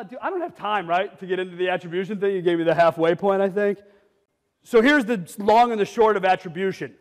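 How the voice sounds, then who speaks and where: Brief: middle-aged male conference speaker, blunt, jokey, high voice, long hall reverb. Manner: animated, blunt, jokey, rising to near shouts. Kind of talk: energetic keynote presentation. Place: conference hall with live audience.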